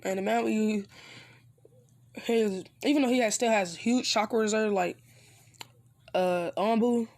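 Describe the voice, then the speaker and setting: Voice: medium pitch, measured pace, long pauses, a little mellow, no echo. A narrator improvising a fan story in a rambling, casual way, full of fillers and restarts.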